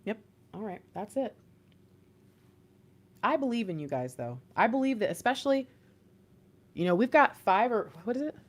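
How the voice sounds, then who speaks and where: A woman's voice: a little high, animated, normal speed, pauses often. A woman hosting a live stream as an intuitive reader, giving viewers a blunt, slangy pep talk with bursts of laughter.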